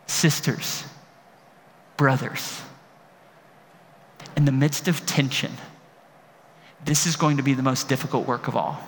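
A man's voice: mid-range voice, steady tone, takes it slowly, long pauses, a little hiss or hum. Impassioned male pastor preaching in a hall. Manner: emphatic, building to impassioned peaks. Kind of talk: sermon. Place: large room.

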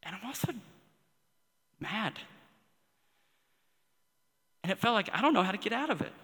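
A pastor in his forties preaches with a slightly high, ringing, husky voice, sharp in tone and lively in intonation. He is earnest and personal, using pauses to build intensity, while a large hall adds long reverb.

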